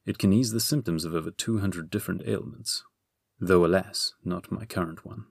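A man voicing a gloomy, henpecked young physician who grumbles quietly in a storybook reading. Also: sits low, moderate pace, creaky, husky, dry recording, studio quality, exaggerated voice. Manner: glum, grumbling, muttered.

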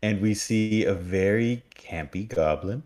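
A man co-hosting a podcast, recapping a TV episode in an animated, joking, casual way. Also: on the low side, measured pace. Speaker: podcast co-host.

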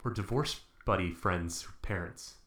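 A man's voice: deep voice, measured pace, a bit bright, roomy sound. A man hosting a podcast, chatting casually about a movie in a rambling, joking way. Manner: rambling, jokey, slips into put-on voices. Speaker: podcast host. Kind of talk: casual movie-review chat.

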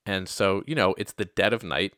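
Guy with a low voice rambling through a story, lots of asides, dry sound. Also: normal speed, pushed and bright, dry recording. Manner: rambling, self-correcting anecdote with asides. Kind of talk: casual personal storytelling.

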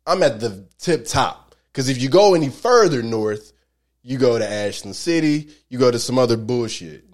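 A man's voice: animated, moderate pace, darkish tone. A man from Nashville with a Southern accent, chatting casually and joking, often breaking into laughter. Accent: Southern US, Nashville area. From Nashville, Tennessee. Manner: joking, laughs often, swings his pitch widely. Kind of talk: casual chat.

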